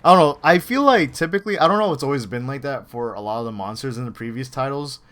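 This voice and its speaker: Male reaction host, casual and rambling, gets excited, mid-pitched voice. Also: fast. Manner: rambling, excited, many fillers.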